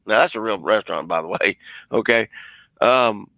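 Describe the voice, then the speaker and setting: A man's voice: on the low side, normal speed, gravelly, dry recording. A man, a sales trainer, coaching a group on a webinar; he talks with energy, restarts often and acts out bits of dialogue. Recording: dry, tinny phone-like line.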